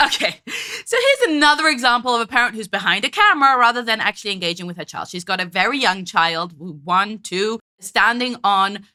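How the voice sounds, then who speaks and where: A woman's voice: medium pitch, animated, a little fast, bright, forceful tone. A woman hosting a parenting show, commenting on video clips in a direct, emphatic, conversational way. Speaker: host, parenting coach.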